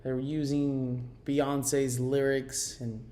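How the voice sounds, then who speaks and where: A man's voice: mid-range voice, little pitch movement, very slow, dark tone. A young man co-hosting a casual podcast, rambling and swearing casually as he talks. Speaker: podcast co-host.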